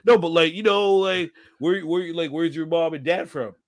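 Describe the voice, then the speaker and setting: A man's voice: a little high, fairly even intonation, normal speed. Joking man from Montreal, laughing often. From Montreal, Canada. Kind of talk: casual chat.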